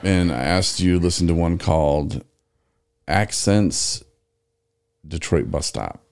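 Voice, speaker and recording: A man's voice: deep voice, slow pace. A man hosting a podcast, telling rambling stories in casual chat and acting out what people said. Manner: rambling, animated retelling with acted-out quotes. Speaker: podcast host.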